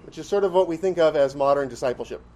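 A man's voice: on the high side, fast, a little mellow. A man teaching a Bible class, who repeats key phrases for emphasis and puts questions to the class.

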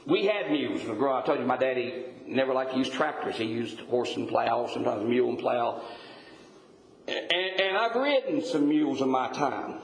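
An older man preaching a sermon in a folksy way, with stammered restarts and chuckling asides. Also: fairly high pitch. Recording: echoey room.

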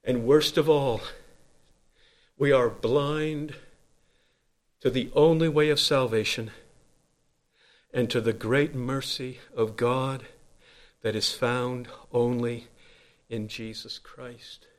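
A man preaching a sermon in an earnest voice, swinging from loud emphatic lines to quiet low ones. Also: steady tone, slow pace, long pauses.

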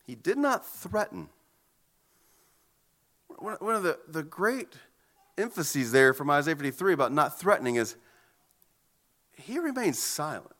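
Earnest high-voiced preaching man. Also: big pitch swings, a little slow, long pauses, a bit bright. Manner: earnest preaching with frequent repeated words. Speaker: pastor. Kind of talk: sermon.

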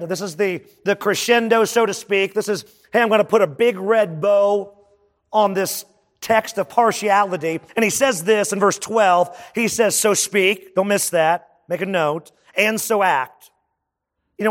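A man's voice: sits high, big-room sound. A man preaching a sermon as a pastor, in a conversational style, often asking the congregation questions.

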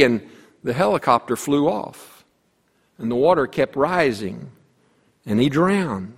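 Guy preaching in a big echoey church, kinda high voice, acts out the story bits. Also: big pitch swings, a little slow, creaky, long pauses, breathy edge. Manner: storytelling with voiced characters, emphatic repetition. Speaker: pastor. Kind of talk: sermon. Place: church sanctuary. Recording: long reverb of a church hall.

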